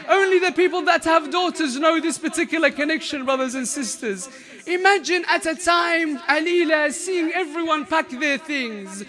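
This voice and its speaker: High, bright-voiced male preacher. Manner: impassioned, swings into shouted and chanted lament. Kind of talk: mourning sermon recitation.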